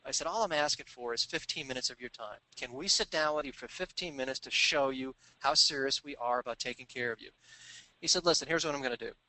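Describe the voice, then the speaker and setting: A man telling a sales anecdote in an animated, conversational way, acting out the people he quotes. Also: medium pitch, fast, no echo, low-quality recording. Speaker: sales trainer telling a story. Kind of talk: storytelling business talk.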